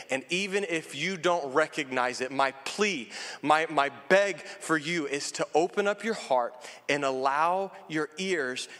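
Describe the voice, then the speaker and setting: In a church sanctuary with long reverb, a male pastor preaches with passion, building up to a plea. His voice is fairly high and fairly bright.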